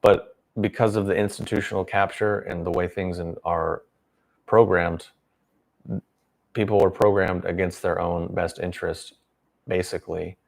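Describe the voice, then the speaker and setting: A man's voice: low voice, level tone, moderate pace, gravelly. A man hosting a livestream, giving a rambling, sarcastic opinion monologue. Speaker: livestream host.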